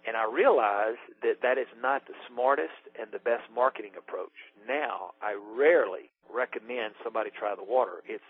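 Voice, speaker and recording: A man's voice: mid-range voice, moderate pace, hardly any pauses, slightly rough. A man from Alabama giving a rambling, folksy sales talk about his water business. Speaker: water ionizer distributor. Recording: tinny phone-line audio.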